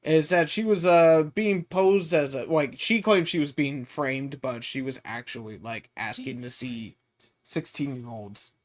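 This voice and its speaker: A man's voice: mid-range voice, unhurried. A man hosting a podcast, chatting casually and laughing often. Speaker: podcast host. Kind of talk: casual chat.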